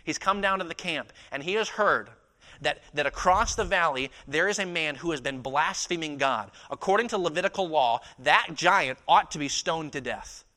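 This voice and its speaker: Young male preacher, bright forceful voice, passionate sermon, acts out dialogue. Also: on the high side, expressive, normal speed. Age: 20s. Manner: builds from quiet reflection to loud impassioned preaching; acts out biblical dialogue in his own voice.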